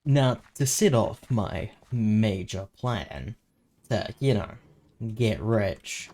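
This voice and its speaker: A man's voice: fairly low pitch, expressive, takes it slowly, darkish tone, poor audio. A man narrating his own gaming vlog in a playful, jokey salesman manner. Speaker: Minecraft server video creator.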